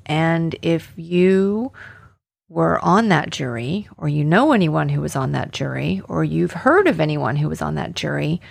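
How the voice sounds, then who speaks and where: Woman podcast host from Alabama, casual and indignant, gravelly fry, dry close sound. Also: sits low, no room sound. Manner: conversational, indignant, many fillers. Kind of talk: casual true-crime podcast narration.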